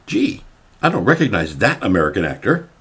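Husky-voiced male host with wry asides. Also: fairly low pitch, very animated, a little fast, a bit bright. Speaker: commentary show host. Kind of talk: casual commentary.

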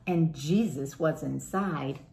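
A woman doing a soft, gentle mother donkey. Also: medium pitch, very animated, slow. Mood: soothing.

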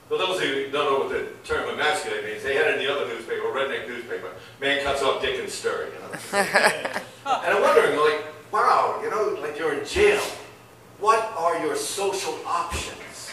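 A man's voice: fairly high pitch, expressive, normal speed, pushed and bright, slight background noise. Older man doing rambling stand-up. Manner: rambling, laughs at own jokes. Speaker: stand-up comedian. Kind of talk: open mic stand-up. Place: comedy club. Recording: echoey club, far from mic, crowd. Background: audience laughter.

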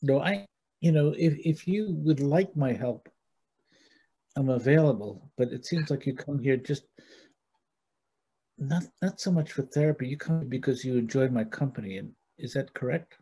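A man playing a therapist in an improvised comedy session, talking in a gentle, halting, earnest way. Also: mid-range voice, breathy edge.

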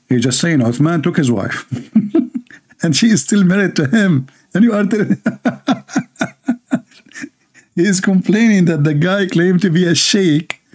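A man's voice: medium pitch, vocal fry, darkish tone, breathy edge. A man hosting a livestream, reading viewer comments aloud and mocking them with sarcastic asides and laughter.

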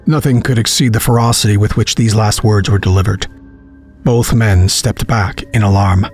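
A man narrating a horror story audiobook in a deliberate, husky voice. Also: fairly low pitch. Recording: faint music underneath.

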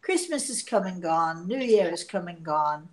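A woman's voice: on the low side, animated, moderate pace, a little mellow. A woman hosting a casual live chat while sick and coughing, chatty and self-mocking, in a small apartment room. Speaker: host.

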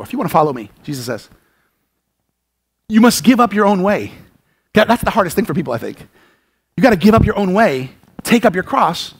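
A man preaching a sermon as pastor, passionate and rising to shouts, repeating words as he builds. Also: on the high side. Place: church sanctuary.

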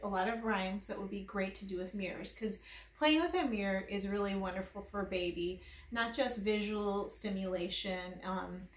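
A woman's voice: mid-range voice, roomy sound. A woman, a children's librarian, leading a baby storytime from home, coaxing little ones with sing-song questions and delighted gasps. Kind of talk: baby storytime reading and rhymes.

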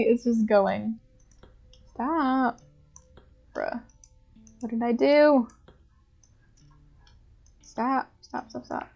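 A woman's voice: fairly high pitch, extremely slow, creaky, long pauses, muffled recording. A woman streaming a puzzle game live, talking casually, often puzzled, swearing and laughing as she reads chat aloud. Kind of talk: casual live gameplay commentary.

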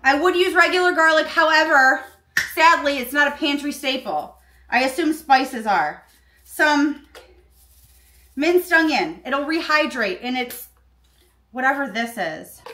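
A woman hosting a comedic cooking tutorial in her home kitchen, talking in an aggressive, deadpan, complaining way while uncomfortable in a costume. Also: high-pitched, roomy sound. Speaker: cooking show host.

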